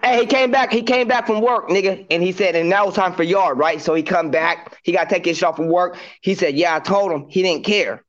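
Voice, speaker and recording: A man's voice: sits high, fairly quick, few pauses, a bit bright, lo-fi sound. A man telling a long story in casual chat, acting out each quote, heavy on slang.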